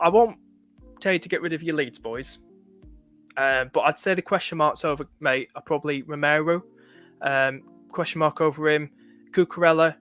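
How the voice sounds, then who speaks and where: A livestream host from northern England, lightly accented, chats in a relaxed way and keeps breaking off to thank viewers. His voice is a little high with a fairly bright tone.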